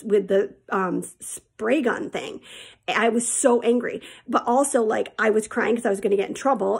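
A woman's voice: mid-range voice, creaky, slightly rough. A woman teacher telling her students a personal story in a chatty, candid way and calling them friends.

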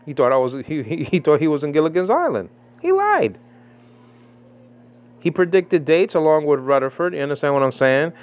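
A man giving casual spoken commentary on a religious debate, animated and mocking, with many fillers and repeated phrases. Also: fairly high pitch, quick pace, hardly any pauses. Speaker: Bible commentator. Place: living in the Philippines.

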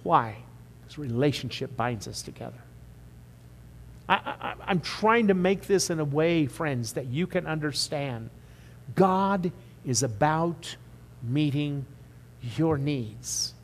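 A man preaching a sermon as pastor, emphatic at the peaks and quiet and slow when he appeals to the congregation. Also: on the high side, lively intonation, a little hiss or hum. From United States. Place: church sanctuary. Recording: long church reverb.

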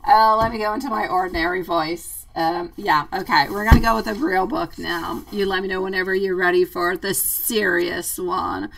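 A woman running a live tarot reading with a bright, forceful tone. She is chatty and affectionate, calls her listeners sweetie, and sounds a little distant from the mic. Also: fairly low pitch, steady tone, normal speed, creaky, hardly any pauses, a little hiss or hum. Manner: playful, breaks into laughter. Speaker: tarot reader.

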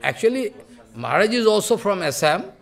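A man's voice: high voice, sing-song, brisk, gravelly, fairly bright tone. An older man speaking English, giving an emotional devotional sermon in broken English and acting out the dialogue he quotes. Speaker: guru giving a religious discourse.

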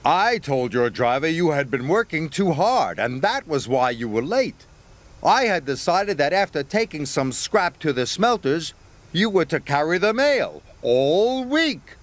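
A man doing a booming, stern railway boss. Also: big pitch swings, unhurried. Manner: booming and commanding. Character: stout, stern but kindly railway boss, older man.

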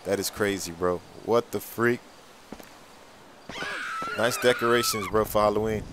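A young man giving casual, excitable game commentary, full of slang and repeated reactions. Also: fairly low pitch, measured pace, a little hiss or hum. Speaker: gameplay commentator.

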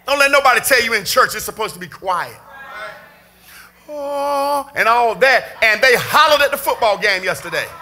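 A middle-aged man from the preaching with fervor, his voice pitched unusually high and ringing very bright. He swings from easy storytelling to full-throated shouts that drive each point home. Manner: fervent preaching, often shouting with emphasis. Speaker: pastor. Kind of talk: sermon. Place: church sanctuary.

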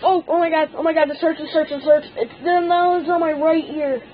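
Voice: high voice, steady tone, brisk, narrow, tinny audio, heavy background noise. A teenage gaming channel host giving casual gameplay commentary, stammering and complaining that something hurts.

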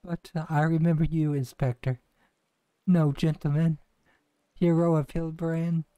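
A man's voice: on the high side, flat delivery, measured pace, mellow, smooth, no echo, natural voice. A man voicing an earnest, theatrical young woman detective's sidekick, reading game cutscene dialogue aloud with some stumbles.

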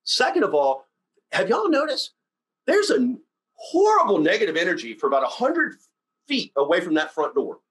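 A man talks through a casual motivational training session. His voice sits a little high for a man, and he comes across as blunt and animated, rambling from one story to the next. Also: normal speed, rough recording. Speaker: company CEO giving sales training.

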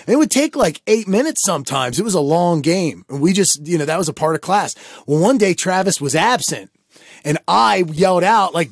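Man, podcast co-host, rambling animated stories, higher voice, dry sound. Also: moderate pace, dry recording. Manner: rambling, animated storytelling with many restarts. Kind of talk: casual chat.

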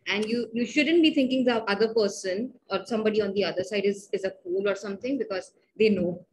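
A woman's voice: medium pitch, quick pace, a little mellow, low-quality recording. A woman hosting a podcast, talking in a thoughtful, hesitant way with frequent restarts. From India. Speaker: podcast host. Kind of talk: conversational interview.

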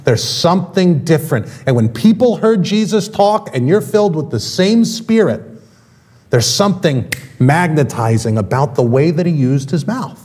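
A man preaching a sermon in a church, his voice pitched high for a man and swinging widely up and down. He talks to the congregation in a loose, conversational way, breaking off for quick asides. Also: expressive, darkish tone, slightly rough. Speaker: pastor. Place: church sanctuary.

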